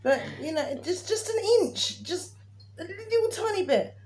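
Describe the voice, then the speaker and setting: A woman's voice: extremely high pitch, expressive, unhurried, a little mellow. A woman, co-hosting a casual chat and ranting in an exasperated, chatty way. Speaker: podcast co-host. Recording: faint background noise.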